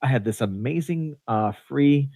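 A man's voice: mid-range voice, moderate pace, mellow, dry recording. Rambling man on a casual podcast. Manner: rambling, many fillers and restarts. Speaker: podcast co-host. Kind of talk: casual chat.

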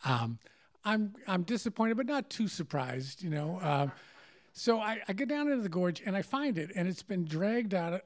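A man's voice: high-pitched, a little mellow. A middle-aged man telling a story to a live audience, conversational and wry, amused at himself.

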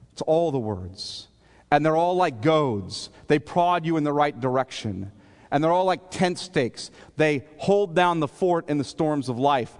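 A pastor preaches, his voice sitting a little high for a man. He works through scripture verse by verse, often asking the congregation questions. A long reverb from the church hall trails each phrase. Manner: asks the congregation questions, expository. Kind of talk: sermon. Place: church sanctuary.

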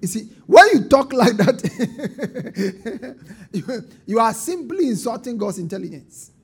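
A man's voice: very high voice, big pitch swings, slow, slightly rough. A man preaching a sermon as pastor, calling on the congregation to answer and building to emphatic bursts. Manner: call-and-response preaching with rising emphatic bursts.

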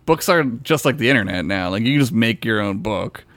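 Male podcast co-host, rambling, lively pitch, dry close sound. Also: brisk, no echo. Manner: rambling, heavy on fillers like "like". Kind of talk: casual chat.

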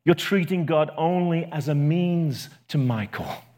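A man voicing a gentle bright spirit, a brother who speaks in a calm, coaxing way. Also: fairly high pitch, a little slow, natural voice. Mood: patient.

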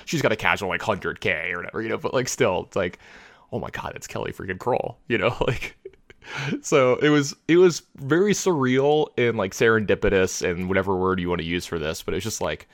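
Casting: man, lowish voice, quick rambly storyteller, dry close sound. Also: no room sound. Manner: rambling, heavy filler words, animated retelling. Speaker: podcast co-host telling a story. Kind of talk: casual chat, storytelling.

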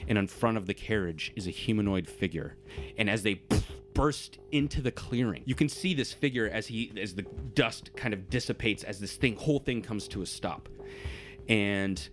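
A man's voice: on the low side, moderate pace, faint music behind. A man running a tabletop game as game master, narrating scenes in vivid, descriptive bursts.

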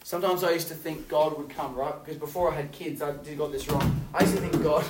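A man preaching a youth sermon, telling stories with swings from loud to hushed. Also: fairly high pitch, fairly even intonation, fast talker. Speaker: youth pastor. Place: youth hall. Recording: roomy hall, voice from far off.

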